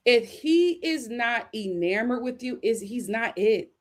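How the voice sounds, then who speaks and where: This livestream host has a fairly high, animated voice and keeps a measured pace. She works through viewer comments, offering emphatic, sassy relationship opinions and hammering her punchlines home by saying them twice.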